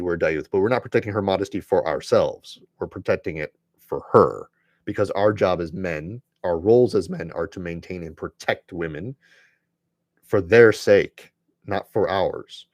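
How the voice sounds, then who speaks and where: A man's voice: low voice, a little mellow, no room sound, studio quality. A man hosting a live stream, giving an earnest, preachy monologue that repeats phrases for emphasis and speaks bluntly to his listeners. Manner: addresses listeners directly and bluntly. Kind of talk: impassioned monologue to viewers.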